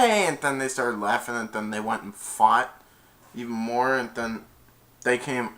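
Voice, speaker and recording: A young man recapping a film scene by scene in a loose, rambling way. He links every event with "and then" and keeps going. His voice sits at an ordinary middle pitch. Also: measured pace, fairly bright tone. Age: young adult. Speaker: movie reviewer. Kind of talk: casual movie retelling.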